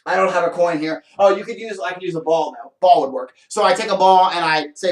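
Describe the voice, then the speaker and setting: A man's voice: high voice, fast, echoey room. A man hosting a magic show, explaining tricks in a chatty, rambling way with lots of fillers. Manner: chatty, rambling, with many fillers and playful asides. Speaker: magician host. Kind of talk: casual how-to talk on magic. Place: small room with a counter and shelves.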